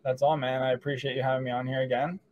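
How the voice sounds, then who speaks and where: A man's voice: medium pitch, little pitch movement, racing, muffled recording. A young man who is a guest on a podcast, talking in an easygoing, casual way. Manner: easygoing, laughs often.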